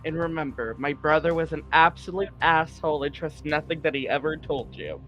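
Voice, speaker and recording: A man's voice: on the high side, brisk, close to an everyday voice. Man playing a scheming doctor posing as an angel. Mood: persuasive. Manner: calm, matter-of-fact persuasion. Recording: muffled audio with faint music.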